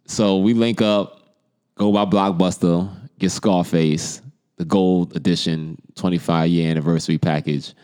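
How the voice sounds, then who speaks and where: A man's voice: deep voice, moderate pace, mellow. A man with a New York accent in his thirties, co-hosting a podcast and telling a story in casual chat, acting out the lines of the people in it. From the Bronx, New York. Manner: laid-back storyteller, acts out quoted lines. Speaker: podcast co-host.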